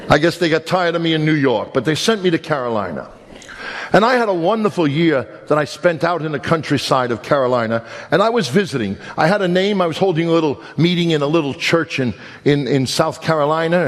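A man's voice: fairly high pitch, long reverb tail. A man preaching a sermon, telling stories with emphatic rises and repeated words. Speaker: pastor.

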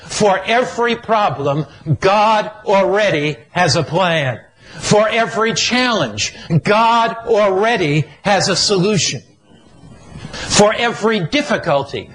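A man preaching a sermon in a slow, emphatic, repetitive cadence. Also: high voice, expressive, fairly bright tone, low-quality recording.

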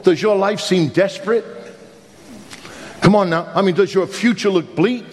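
Man preaching in a reverberant hall. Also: high voice. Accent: faint New York. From Brooklyn, New York. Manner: emphatic preaching with frequent "I mean" and rhetorical questions. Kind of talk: sermon.

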